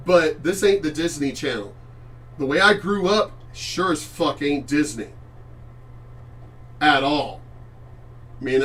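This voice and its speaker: A man with a high-pitched voice rants on his vlog, swearing hard and hammering his points home. He sits a bit back from the microphone, so his voice sounds somewhat distant. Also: fairly bright tone, slight background noise. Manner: profane, emphatic, addresses a friend by name. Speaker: channel host. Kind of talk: casual ranting monologue.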